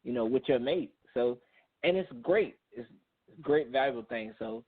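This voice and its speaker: A man's voice: mid-range voice, lively intonation, normal speed, husky, no echo. Earnest preachy man on a phone line. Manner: earnest, preachy, faith-driven. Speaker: married guest. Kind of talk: casual chat. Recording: dry, tinny phone-line sound.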